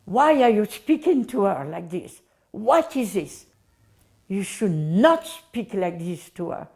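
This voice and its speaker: A man's voice: high voice, sing-song, slow pace, gravelly, darkish tone, full character voice. A woman voicing an older male spiritual teacher firmly reproving someone. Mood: stern. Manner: firm, reproving.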